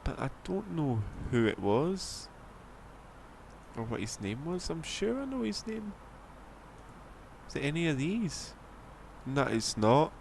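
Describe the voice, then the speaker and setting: A man's voice: on the high side, big pitch swings, takes it slowly, vocal fry, pauses often, a little mellow, a little hiss or hum. A man with a Scottish accent, rambling casually as he streams a flight sim, swearing now and then. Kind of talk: casual gameplay commentary.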